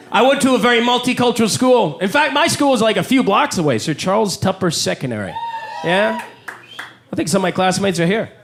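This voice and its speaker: Canadian man doing stand-up, high voice. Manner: wry, conversational, does quick voices for bits. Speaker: stand-up comedian. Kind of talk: live stand-up set. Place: comedy club with a live audience. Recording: live club recording with loud crowd and noise. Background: audience laughter and room ambience.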